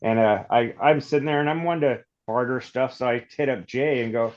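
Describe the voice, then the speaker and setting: A man from Northern California, a podcast guest, telling long rambling stories in a casual, animated way. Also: mid-range voice, a little fast, highs cut off. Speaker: podcast guest, off-road shop owner. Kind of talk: casual storytelling.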